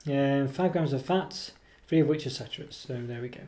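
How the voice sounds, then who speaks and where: Fairly quick and mellow, a medium-pitched male voice gives an offhand review of a chocolate product. His talk wanders with ums and self-corrections, and he jokes at his own expense.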